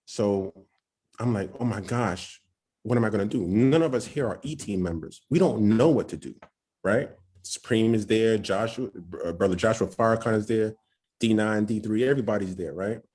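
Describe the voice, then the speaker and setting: A young man tells a personal story on a podcast. His voice sits low and a little husky. He talks with nervous excitement, says he is shaking, and acts out what other people said. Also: normal speed. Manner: excited, acts out quoted voices, frequent "right?". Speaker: podcast guest. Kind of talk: storytelling testimony.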